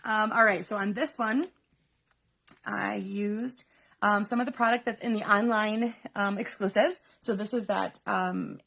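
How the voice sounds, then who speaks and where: A woman hosting a live card-making show, talking through her samples in a chatty way with lots of ums and quick self-corrections. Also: mid-range voice, vocal fry, a bit bright. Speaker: crafting show host.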